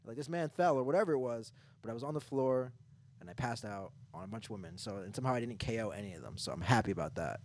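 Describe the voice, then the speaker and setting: A man's voice: mid-range voice, lively intonation, fast talker, a little mellow. A man co-hosting a podcast, telling a story in casual chat and padding it with lots of "like" fillers. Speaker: podcast co-host.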